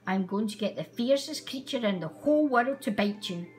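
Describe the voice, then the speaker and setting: A woman voicing an angry little female sparrow with shrill, demanding lines. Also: animated, normal speed, darkish tone, faint music behind, close to an everyday voice. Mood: furious.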